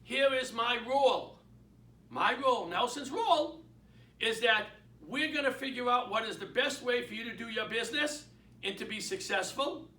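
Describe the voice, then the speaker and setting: High-voiced Boston man, emphatic sales talk. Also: expressive, normal speed, bright, forceful tone, distant mic. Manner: emphatic, storytelling, repeats key points. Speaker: real estate mentor and sales speaker. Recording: echoey room, away from the mic.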